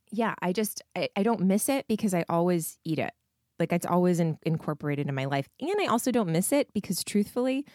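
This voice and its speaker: Hoarse low-voiced woman podcast host. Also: a little mellow, dry recording, clean studio sound. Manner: candid, swears freely, frequent likes and ums. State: hoarse, froggy. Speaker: podcast host and weight loss coach. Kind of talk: casual answers to listener questions.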